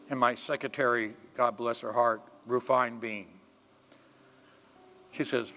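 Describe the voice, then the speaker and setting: An older man, a pastor, preaching a sermon in a church sanctuary and telling personal stories, swinging between loud preaching and hushed asides. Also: medium pitch, fairly even intonation, normal speed, soft background music.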